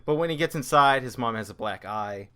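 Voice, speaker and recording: A man co-hosting a podcast, recapping a comic's plot in a relaxed, chatty way. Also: medium pitch, fairly quick, smooth. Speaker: podcast co-host. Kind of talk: casual chat.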